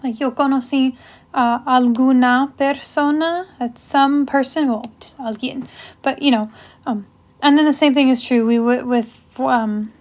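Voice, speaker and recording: High-voiced woman teaching a grammar lesson. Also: steady tone, a little slow, a little mellow. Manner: explains step by step with example sentences and frequent fillers. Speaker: language teacher. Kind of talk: casual classroom lecture.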